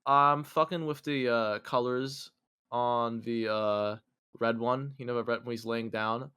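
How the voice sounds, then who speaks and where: A man's voice: medium pitch, fairly even intonation, measured pace, pushed and bright, smooth. A young man chatting casually with friends, swearing and enthusing as he rambles. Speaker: co-host. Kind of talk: casual chat among friends.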